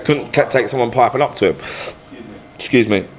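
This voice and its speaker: A man's voice: mid-range voice, fairly quick. A man, a football manager and podcast guest, telling stories from his career in a blunt, sweary, colloquial way. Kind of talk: casual storytelling chat.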